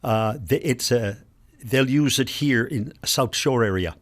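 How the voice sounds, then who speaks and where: A man's voice: mid-range voice, a little slow. An older man from Nova Scotia, Canada, an elder and linguist, patiently explaining words one by one with examples in a radio conversation.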